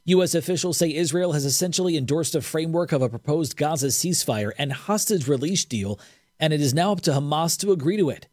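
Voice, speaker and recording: A man anchoring an hourly radio newscast, reading the headlines in a crisp, even newsreader delivery. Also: fairly high pitch, quick pace, no echo, studio quality. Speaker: news anchor. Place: radio studio.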